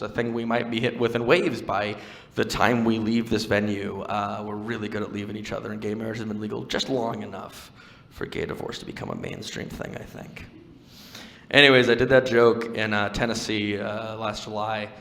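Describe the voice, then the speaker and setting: A young man's comedy set plays out in a venue with a long reverb tail, as he trades wry, conversational banter with the audience and spins self-deprecating tales. His fairly bright voice sits on the low side.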